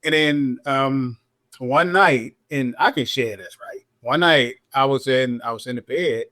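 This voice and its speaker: Speaking unhurriedly, this middle-aged man, a cop guesting on a podcast, tells his tale openly and with lots of animation. He performs other people's words by pitching his voice up.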